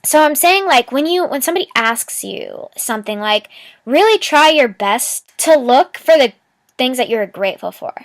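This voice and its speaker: In a dry recording, a young woman with a high, lively voice talks at a normal pace. It's a laid-back motivational vlog where she giggles, rambles, and leans on "like" and "you know" while sharing upbeat advice about life.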